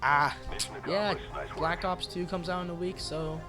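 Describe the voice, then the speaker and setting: A man hosting his own channel, rambling through dark jokes and cutting himself off mid-sentence. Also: sits high, steady tone, unhurried, over music. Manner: rambling, dark-joking, self-interrupting. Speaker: channel host. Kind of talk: joking rambling vlog.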